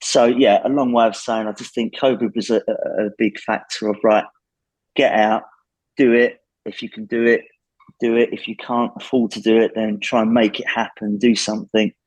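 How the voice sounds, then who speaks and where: A man's voice: on the low side, little pitch movement, normal speed, darkish tone, husky, no echo, poor audio. A man, the guest in an interview, talking in a plain-spoken, casual way. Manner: plain-spoken, lots of restarts. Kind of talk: casual chat.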